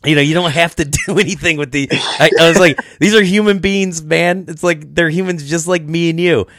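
A man's voice: on the high side, steady tone, brisk, a bit bright, no room sound, studio quality. A young man hosting a casual podcast chat, telling stories with lots of swearing and laughter. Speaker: podcast host.

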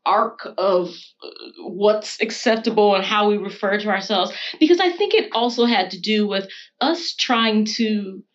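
A woman's voice: mid-range voice, measured pace, dull audio. A woman from the United States, a guest in a casual conversation, speaking thoughtfully with plenty of "you know" and "um".

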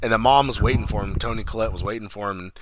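A man casually recapping a horror movie on a remote call, rambling with many fillers and acting out the characters in quick voices. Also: lowish voice, noisy background. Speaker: podcast co-host.

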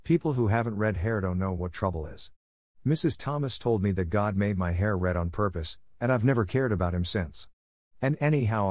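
A man's voice: on the low side, darkish tone, no room sound, close to an everyday voice. Man putting on a chatty dreamy little orphan girl, eager, talking on and on, dry close mic. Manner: eager, talkative.

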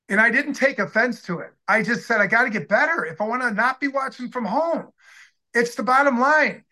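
Former athlete guest, sixties, male; energetic motivational storyteller, restarts a lot. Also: very high-pitched. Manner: upbeat, motivational, rambling with restarts. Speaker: interview guest, former pro football player. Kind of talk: casual interview storytelling.

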